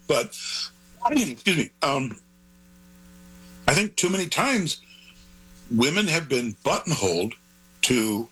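A man's voice: medium pitch, sing-song, takes it slowly, pauses often, a bit bright, breathy edge, low-quality recording. An older man, a grandfather, talking as an author guest in an interview, rambling and earnest in a digressive way. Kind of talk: conversational interview.

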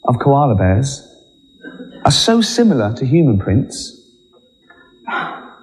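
A man's voice: mid-range voice, big pitch swings, slow pace, a little mellow. A man doing a rambling stand-up routine, often breaking into laughter. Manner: giggly, rambling. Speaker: stand-up comedian. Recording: live in a large hall with an audience.

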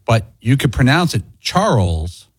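A man's voice: mid-range voice, very animated, a little slow, breathy edge, no echo, studio quality. A man on a radio show crew, explaining things in a matter-of-fact way.

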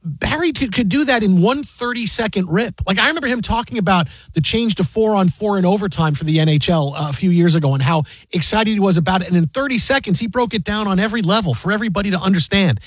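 A man in his thirties co-hosting a sports talk show, telling stories in a relaxed chat and acting out quotes in a higher voice. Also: quick pace, husky, no room sound. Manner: storytelling, acts out quotes in a higher voice. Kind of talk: casual radio chat.

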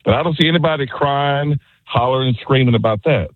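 A man's voice: medium pitch, fairly quick, no echo. A man calling into a radio show over the phone, argumentative and insistent. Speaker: radio caller. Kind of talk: call-in radio talk. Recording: tinny phone line.

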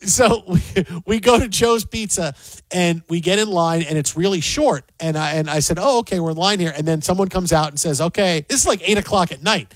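A man's voice: high-pitched, brisk, no room sound. A man co-hosting a podcast, rambling through casual sports banter with lots of restarts. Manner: animated, rambling with repeated restarts.

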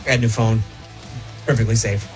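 A man's voice: fairly low pitch, fairly even intonation, brisk, over loud music. A man co-hosting a radio show, chiming in with jokey, teasing interjections. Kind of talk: casual radio banter.

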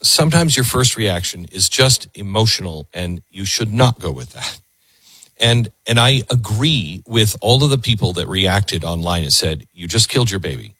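Husky, animated male radio host. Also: on the low side, measured pace, no echo, clean studio sound. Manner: earnest, reflective, repeats words when searching for them. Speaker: radio talk show host. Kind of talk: call-in radio talk.

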